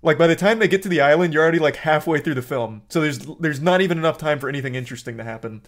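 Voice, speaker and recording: A man's voice: a little high, racing. A man streaming live, bluntly and profanely ranting about a movie to his chat in casual talk.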